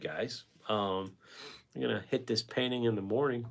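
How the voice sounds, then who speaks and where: A man's voice: medium pitch, moderate pace, creaky, noisy background. A man hosting a painting livestream, chatting casually and rambling as he reads out viewer comments and answers them. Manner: talkative, chummy with viewers.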